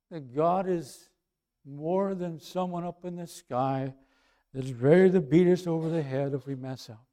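A male pastor preaching a sermon, swinging from loud emphatic lines to soft quiet asides. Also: on the high side.

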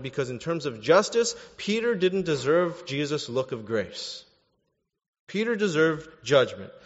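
Animated preacher in a reverberant hall. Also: male voice, medium pitch, muffled recording. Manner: animated, mimics voices of biblical figures. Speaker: pastor. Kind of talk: sermon.

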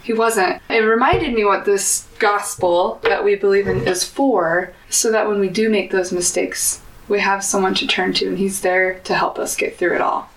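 A woman's voice: medium pitch, moderate pace, hardly any pauses, slight background noise. Young woman guest, earnest and candid; echoey, slightly distant mic. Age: young adult. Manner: earnest and open, sharing a hard personal story. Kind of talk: personal storytelling in an interview. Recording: echoey room, voice a bit off-mic.

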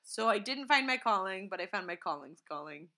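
A talkative woman co-hosting a casual podcast, with a bright, forward tone. She tells stories with lots of energy and acts out other people's lines in playful voices. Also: mid-range voice, a little fast. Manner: chatty, animated, acts out quotes in silly voices. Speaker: podcast co-host. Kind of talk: casual chat.

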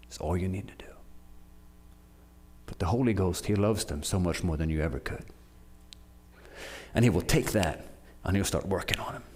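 A man from Norway preaching a sermon, urging his listeners with animated delivery and frequent restarts. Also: low-pitched, moderate pace.

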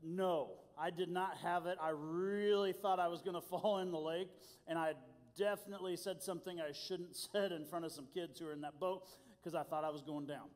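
A youth pastor from Indiana preaching a sermon, telling stories in an animated, self-deprecating way. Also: male voice, sits high, fairly quick. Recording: long hall reverb.

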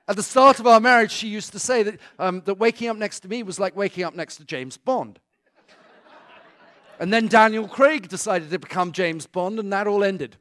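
This guest speaker from Britain has a high, slightly bright voice at a moderate pace, with no room sound. His church talk is chatty and full of jokes and audience asides, and he takes questions from the congregation.

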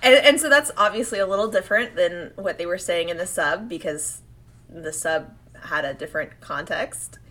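A woman co-hosting a casual podcast chat, animated and laughing often as she acts out quotes. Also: fairly low pitch, normal speed. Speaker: podcast co-host. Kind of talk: casual chat comparing anime versions.

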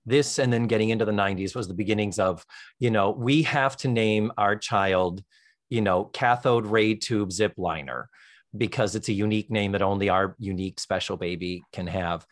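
A man hosting a casual chat about a sitcom, joking and tossing in quick character voices. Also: on the low side, no echo, clean studio sound. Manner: chatty, jokey, does quick voices of characters. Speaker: podcast host.

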